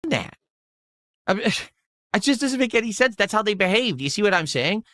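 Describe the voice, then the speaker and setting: Exasperated high-voiced man streaming. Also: big pitch swings, a little fast, bright, forceful tone, no echo. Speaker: streamer in a played clip. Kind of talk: casual live-stream talk.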